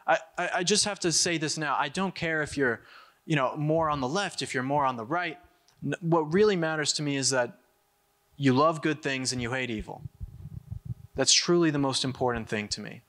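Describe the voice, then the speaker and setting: Addressing a conference crowd, a young American man makes a forceful political speech in a slightly high, somewhat bright voice. Repetition drives his points forward, and he throws in quick side remarks along the way.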